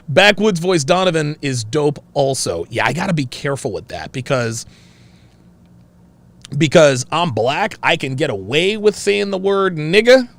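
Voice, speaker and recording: A man hosting a casual livestream, reading out viewer donations in a profane, excitable way and laughing often. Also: on the high side, gravelly. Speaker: host.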